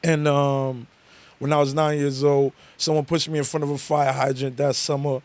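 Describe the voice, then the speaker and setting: Man in his forties, slightly high voice, laid-back, casual storytelling, keeps saying you know. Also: little pitch movement, moderate pace, a little mellow, no room sound. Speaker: guest artist. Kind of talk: casual interview chat.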